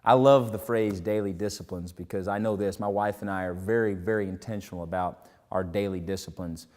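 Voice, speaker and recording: A man's voice: low voice, steady tone, fairly quick, darkish tone, in a large hall. A man hosting a motivational talk, telling casual, self-mocking stories about his daily routine. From Texas. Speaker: host.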